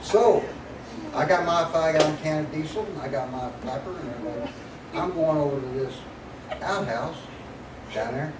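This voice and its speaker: Older guy telling a story, folksy and laughing, kinda high voice, echoey far-off hall with noise. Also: moderate pace. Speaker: guest speaker. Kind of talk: storytelling talk to an audience. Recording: echoey hall, mic at a distance, noisy.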